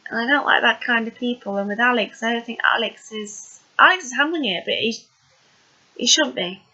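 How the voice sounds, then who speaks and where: A woman's voice: fairly high pitch, normal speed, pushed and bright, lo-fi sound. A woman casually recapping a TV episode, chatty and rambling with plenty of fillers.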